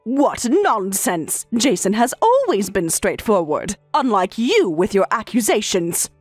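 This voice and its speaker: A woman's voice: mid-range voice, sing-song, a little slow, no echo, soft background music. A synthetic woman's voice reading a domineering older mother-in-law who lectures and scolds. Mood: scolding. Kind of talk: text-to-speech story reading.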